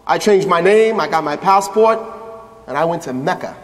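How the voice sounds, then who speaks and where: A man, an imam, telling his story in a lively religious lecture and acting out the voices of people he quotes. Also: sits high, moderate pace, long pauses. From United States. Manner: animated, acts out quoted voices. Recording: echoey hall with long reverb.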